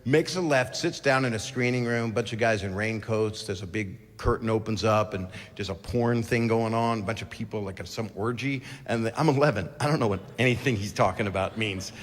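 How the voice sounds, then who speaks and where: In a reverberant hall full of crowd noise, a middle-aged male comic works through a crude, wandering set packed with self-interrupting tangents. He speaks in a lowish voice, briskly and with few pauses.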